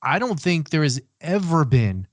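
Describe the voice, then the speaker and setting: A man with a fairly high voice and big swings in pitch talks at a moderate pace. He co-hosts a music podcast over a remote call on his own mic, and in their casual debate he defends his picks firmly, arguing and building a case.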